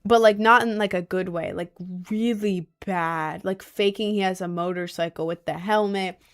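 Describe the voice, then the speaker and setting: A young woman rambles to her live chat, jumping between topics with plenty of "like" and bursts of laughter. Her voice sits at an ordinary middle pitch, relaxed and unhurried. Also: clear, resonant tone. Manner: rambling, animated, frequent "like" and laughs. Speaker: livestreamer. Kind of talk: casual livestream chat reading viewers' messages.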